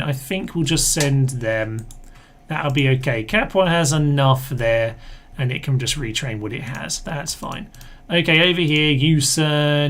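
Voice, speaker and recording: A man's voice: medium pitch, a bit bright. A man giving casual live commentary while playing a strategy game, rambling and correcting himself with wry asides. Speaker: game streamer.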